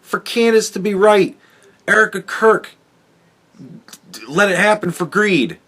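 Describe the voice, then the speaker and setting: A man's voice: sits high, lively intonation, a little slow, pushed and bright. A man hosting a solo commentary podcast, ranting in a profane, sarcastic, exasperated way. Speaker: podcast host.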